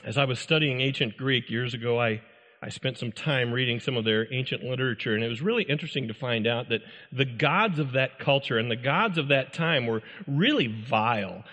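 A man's voice: mid-range voice, a little fast, bright, forceful tone. A man preaching a sermon emphatically, asking the congregation rhetorical questions. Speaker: pastor. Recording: echoey hall.

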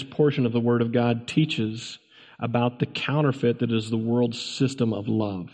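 A man preaching a sermon as pastor, swinging between loud stern warnings and soft low asides. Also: fairly even intonation, moderate pace, dull audio. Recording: long hall reverb.

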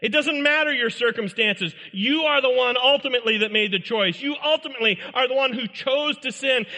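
A man's voice: extremely high pitch, sharp tone. A man preaching a sermon emphatically, asking the congregation rhetorical questions. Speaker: pastor. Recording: echoey hall.

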